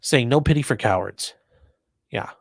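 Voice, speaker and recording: Male stream host, mid pitch, crude offhand humor, close dry sound. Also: animated, moderate pace, creaky, dry recording. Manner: offhand, crude jokey asides. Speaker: livestream host reading chat. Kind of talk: casual livestream commentary.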